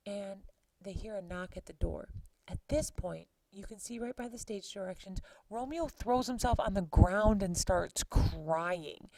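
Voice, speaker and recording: A woman's voice: mid-range voice, no room sound, rough recording. Chatty woman teacher recapping a play. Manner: animated and chatty, paraphrasing lines in modern words. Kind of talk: lesson recap with paraphrased quotes.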